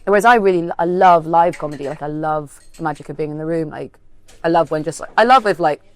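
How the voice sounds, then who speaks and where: A woman speaks as an interview guest in a lowish voice. She rattles along with quick, animated storytelling, full of "like" and acted-out quotes. The sound is dry and close, with no room around her. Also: dry recording. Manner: animated storyteller, many fillers, acts out quotes. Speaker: comedian and TV writer guest. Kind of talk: casual interview chat.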